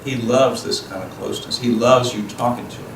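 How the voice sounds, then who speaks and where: Medium in pitch with a steady tone and some vocal fry, the guest speaker talks a little fast at a parenting seminar. His plain-spoken teaching talk often slips into acted-out dialogues between parent and child, recorded from far off in a noisy, echoey school event room.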